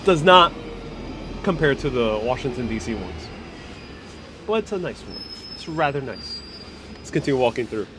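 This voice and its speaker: A travel vlogger live-streams on a handheld phone while walking through a city, chatting casually, thinking aloud and reading viewer comments. His mid-range voice is sing-song at a moderate pace, broken by long pauses, amid street noise and traffic.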